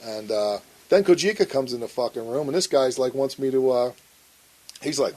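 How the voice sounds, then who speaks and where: A man's voice: mid-range voice, quick pace, darkish tone, husky, poor audio. A man telling a story in a blunt interview, swearing often and acting out the arguments he recounts. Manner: blunt and profane, acts out quoted arguments. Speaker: interview guest.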